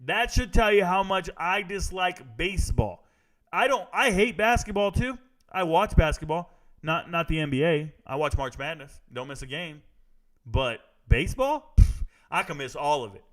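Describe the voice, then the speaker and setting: A man's voice: a little high, lively intonation, normal speed. A man hosting a casual livestream, ranting bluntly and reading chat, a former army first sergeant who repeats his points with emphasis. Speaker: show host reading chat.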